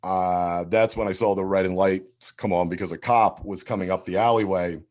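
A man's voice: low voice, moderate pace. A man telling a wild story in casual chat, swearing freely and acting out what people said. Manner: animated, swears constantly, acts out quotes.

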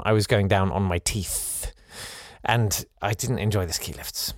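A man's voice: fairly low pitch, moderate pace, no echo, studio quality. A man hosting a podcast, reading out a listener's letter with playful asides of his own. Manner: animated, playful asides between read passages.

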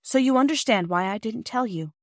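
A woman's voice: on the high side, expressive, a little fast, dry recording, studio quality, voice pushed up. A woman reading a storybook aloud, voicing a firm, reassuring mother. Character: loving mother, steady and proud.

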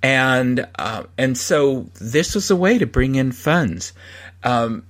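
A man's voice: medium pitch, animated, slow, fairly bright tone. A man hosting a podcast, telling a story in a rambling, casual way with frequent restarts and laughs. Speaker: podcast host.

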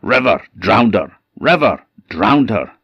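A man with an Orkney Scottish accent voicing a spiteful magic treasure chest that shouts commands. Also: fairly low pitch, very animated, slow pace, gravelly, breathy edge, no echo, dull audio, full character voice. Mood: shouting, spiteful.

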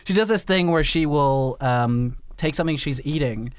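A man's voice: a little high, moderate pace, smooth, no echo. A man hosting a podcast in casual chat, rambling with many fillers and frequent laughs. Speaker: podcast host.

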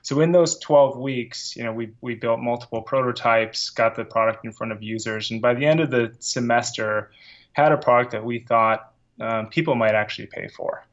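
A man's voice: medium pitch, normal speed. Casual male podcast guest, muffled audio. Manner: casual, hesitant with fillers and restarts. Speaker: guest, company founder. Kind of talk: podcast interview.

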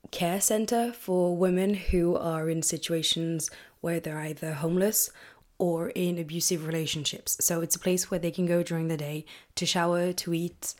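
A young woman from England hosts her own podcast, talking casually to listeners in a chatty, excitable way. Her voice sits a little low, and she drifts into rambling asides. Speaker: podcast host. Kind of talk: casual solo podcast chat.

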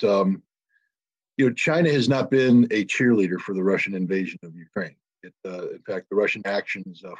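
A man answering a question on a panel, giving measured analysis with many pauses and fillers. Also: fairly low pitch, slightly rough, no echo. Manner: measured, many ums and uhs. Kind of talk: analytical commentary.

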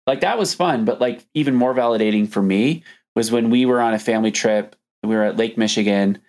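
A man, a business co-founder, telling stories in a relaxed way on a podcast. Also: lowish voice, brisk. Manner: storytelling, relaxed, fond of "like". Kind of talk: casual podcast chat.

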